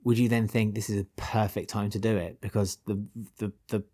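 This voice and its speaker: A man with a Welsh accent, co-hosting a podcast in casual chat, animated and full of restarts. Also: a little fast. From Wales. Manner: animated, chatty, with many restarts and sudden pitch jumps. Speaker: podcast co-host.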